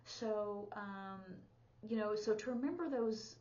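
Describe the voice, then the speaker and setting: A woman's voice: mid-range voice, slow, darkish tone. A woman who teaches sign language and works as an interpreter, giving a casual spoken lesson in a chatty way and acting out bits of dialogue as she explains. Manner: chatty, acts out quoted dialogue. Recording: dull lo-fi recording.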